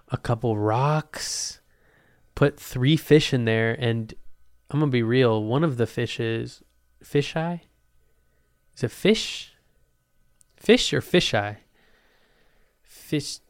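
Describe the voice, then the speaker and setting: A man's voice: medium pitch, clean tone, no room sound. Casual young male vlogger, profane and jokey, medium voice, dry close recording. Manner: loose, profane, joking, puts on quick voices. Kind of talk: casual chat to camera.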